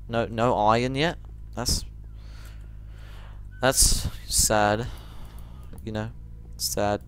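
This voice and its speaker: A man giving rambling let's play commentary, jumpy and quick to shriek when startled. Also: medium pitch, steady tone, a little hiss or hum.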